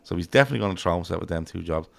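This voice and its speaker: Gravelly low-voiced Irish man. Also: lively intonation, racing, a loud crowd. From Ireland. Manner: rambling, swears freely, acts out quotes. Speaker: podcast host. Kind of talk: casual football chat.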